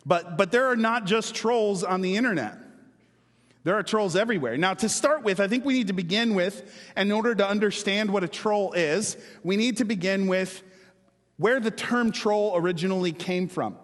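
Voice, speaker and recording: Brief: high-pitched man preaching casually, quips and questions, echoing sanctuary. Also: moderate pace. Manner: conversational, joking, questions the congregation. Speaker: pastor. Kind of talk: sermon.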